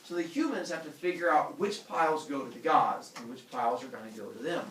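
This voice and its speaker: A man teaching a class, telling a myth with a slightly high, very lively voice and acting out the characters in silly voices. He sounds distant, with an echoey classroom around him and faint room noise. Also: a little fast. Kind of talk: storytelling lesson to students.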